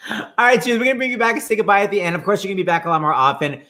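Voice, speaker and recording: A man's voice: sits high, lively intonation, racing, bright, forceful tone. A man hosting an online variety chat, eagerly introducing guests and clips. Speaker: host. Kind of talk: casual video-call chat.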